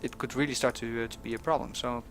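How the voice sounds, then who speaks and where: A man's voice: mid-range voice, fairly even intonation, quick pace, fairly bright tone, a little hiss or hum. A man giving casual commentary on a strategy game match, with lots of fillers, restarts and small chuckles. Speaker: game caster.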